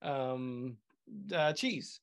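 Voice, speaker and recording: A man co-hosting a podcast over a video call, chatting casually and halting often with filler sounds. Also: medium pitch, clean tone. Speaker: podcast co-host. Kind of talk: casual chat.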